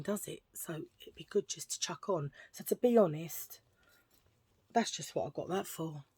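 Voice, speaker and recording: This middle-aged woman, a vlogger, chats loosely and humorously with her audience about items from a shopping trip in a casual haul format. Her voice is on the low side, with a little hiss or hum in the background.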